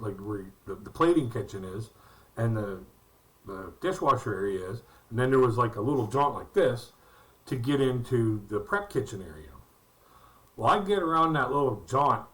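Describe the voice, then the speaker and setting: A man's voice: mid-range voice, fairly bright tone, recorded from a distance, rough recording. A man doing stand-up comedy, telling rambling, folksy anecdotes about his jobs and acting out the quotes. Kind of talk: storytelling stand-up routine.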